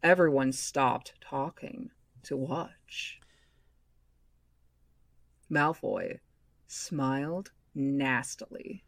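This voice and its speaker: A woman hosting a book club podcast, reading a novel aloud in a measured, expressive way. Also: very deep voice, no room sound.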